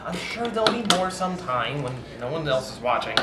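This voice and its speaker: A man's voice: fairly high pitch, big pitch swings, a little fast. A man hosting a casual interview, asking teasing, playful questions. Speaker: interviewer host. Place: convention hall. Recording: echoey convention hall, loud ambient noise.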